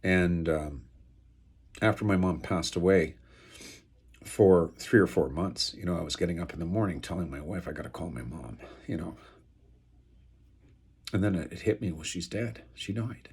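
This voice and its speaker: A man talking unscripted to the camera, aggrieved and angry, rambling with many fillers and getting louder when outraged. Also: normal speed, long pauses, slightly rough. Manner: turns loud and high-pitched when outraged. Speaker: video blogger airing an estate dispute.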